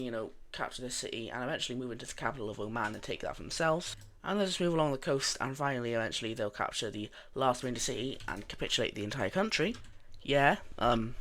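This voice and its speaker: Young male YouTube narrator, mid pitch, casual and rambling, full of fillers. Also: slight background noise. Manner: relaxed, rambling, many fillers and restarts. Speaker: mapping video narrator.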